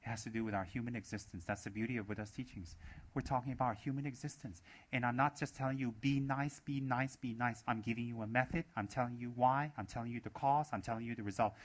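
A man's voice: medium pitch, steady tone, fast. A man giving a Buddhist dharma talk, emphatic and repetitive, asking many rhetorical questions. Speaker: Buddhist teacher.

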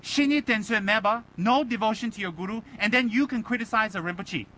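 A man, a Buddhist lama, giving an informal dharma talk to his students. He fires off rhetorical questions and mimics his critics in an animated, teasing way. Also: high-pitched, a little fast, slight background noise, poor audio.

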